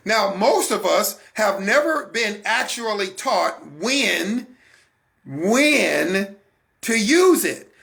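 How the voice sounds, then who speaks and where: A man hosting a faith broadcast, preaching about emotions in an animated way and talking straight to his listeners. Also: high voice, creaky. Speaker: host. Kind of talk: motivational faith talk.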